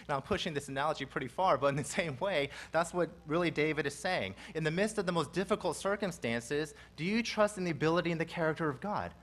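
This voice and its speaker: A man's voice: fairly high pitch, a bit bright. A male pastor preaching a sermon in an earnest way, his emphasis rising and falling.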